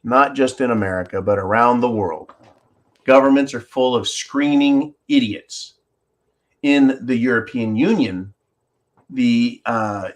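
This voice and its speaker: A man hosting an opinion show, ranting sarcastically and reading viewer comments aloud. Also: mid-range voice. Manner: animated, sarcastic ranting with mock-quoted voices. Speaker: host.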